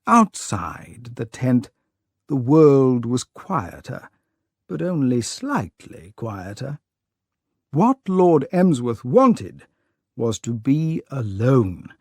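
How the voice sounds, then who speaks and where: A man narrating a humorous audiobook story for language learners, reading clearly and expressively. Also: medium pitch, a little mellow, dry recording.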